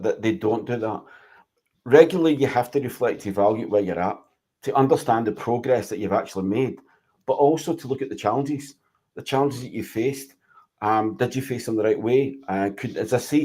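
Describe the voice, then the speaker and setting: A man coaches business owners in relaxed podcast conversation. His voice is mellow and a little raspy, his manner earnest and explanatory. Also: mid-range voice. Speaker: mindset and leadership coach. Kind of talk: casual podcast chat.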